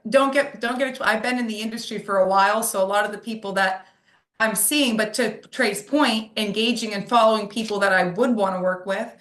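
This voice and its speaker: A woman's voice: medium pitch, a little fast, a bit bright. A woman in the insurance business chatting casually on a call, with plenty of fillers and repeated words. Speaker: insurance agent co-host. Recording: echoey room sound.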